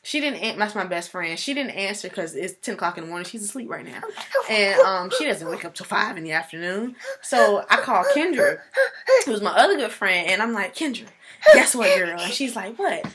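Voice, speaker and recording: A young woman vlogging casually, telling a personal story in a chatty, animated way. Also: mid-range voice, a little fast, very noisy.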